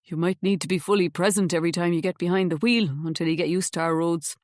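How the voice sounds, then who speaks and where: A woman voicing a kind young male police officer, soft-spoken and sympathetic, in an audiobook reading. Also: fairly low pitch, quick pace, no room sound, natural voice. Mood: friendly. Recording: dry close studio sound.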